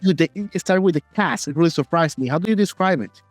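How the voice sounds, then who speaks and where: Host guy, spanish is his first language, kinda high voice, dry mic, choppy phrasing. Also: dry recording, faint music behind. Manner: halting non-native phrasing with broken sentences. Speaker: interview host. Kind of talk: casual interview.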